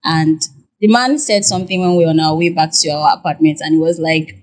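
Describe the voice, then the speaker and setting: A woman with a Nigerian accent, a content creator and Korean interpreter, appears as a podcast guest in a casual interview. Her voice is deep, a little fast and fairly even in intonation. She tells stories animatedly, with many fillers and restarts.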